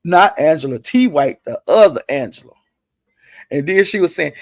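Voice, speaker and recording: A middle-aged woman telling gossip in a chatty, salty way, calling listeners honey and girl and jumping her pitch up high when she quotes people. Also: unhurried, vocal fry, dry recording. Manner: animated, jumps her pitch up high when quoting others. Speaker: online commentator. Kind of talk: casual gossip storytelling.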